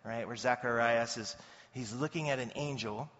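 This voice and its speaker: Male pastor, relaxed and lively sermon delivery, recorded in a big echoing church hall. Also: medium pitch, moderate pace. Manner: conversational and animated, acting out quoted voices. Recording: dull sound in a reverberant hall.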